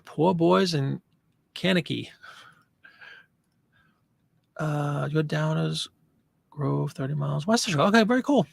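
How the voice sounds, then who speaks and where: A man's voice: fairly high pitch, measured pace, gravelly, pauses often, no room sound. A man hosting a live stream, chatting casually and answering viewer comments.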